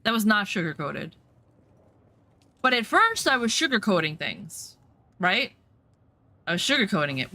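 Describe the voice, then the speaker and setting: A woman's voice: medium pitch, a little fast. Blunt, swearing woman streamer. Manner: animated storytelling, acts out quotes. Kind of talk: casual chat while streaming gameplay.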